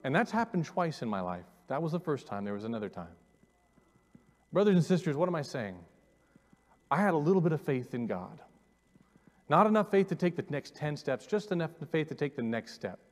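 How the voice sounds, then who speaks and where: Earnest and very animated, a pastor in his forties preaches with a personal testimony, repeating words and urging the congregation to come forward. His fairly high voice moves briskly through the long reverb of the church sanctuary.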